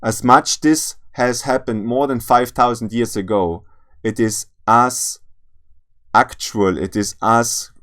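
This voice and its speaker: Slow, earnest male spiritual teacher. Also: medium pitch, fairly bright tone. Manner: halting, restarts and repeats words; earnest, addresses listeners directly. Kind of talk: spiritual lecture.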